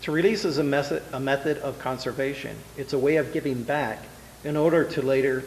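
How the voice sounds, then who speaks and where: A man reads a reflective artist's statement in measured phrases that repeat themselves. His voice has a long, lingering reverb, with a faint hiss behind it. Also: mid-range voice, a little mellow. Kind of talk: reflective scripted narration.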